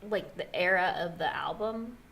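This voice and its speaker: A young woman co-hosting a casual podcast, relaxed and teasing. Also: fairly low pitch, normal speed, creaky, slight background noise. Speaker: podcast co-host. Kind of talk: casual chat.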